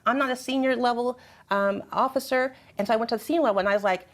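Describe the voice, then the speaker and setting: A woman in a group conversation at her church, telling a personal story with animated, emotional delivery and acting out dialogue. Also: a little high, fast. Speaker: church member sharing experiences.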